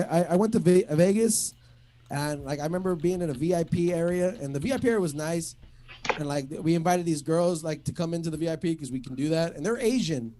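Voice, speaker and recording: A man's voice: high-pitched, darkish tone. A man doing a stand-up set at an online open mic, rambling and profane, full of fillers and restarts. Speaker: stand-up comic.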